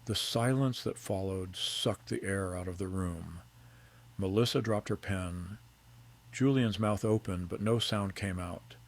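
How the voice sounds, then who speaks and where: An older man narrating a first-person story in a calm, steady scripted style. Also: sits low, a little slow.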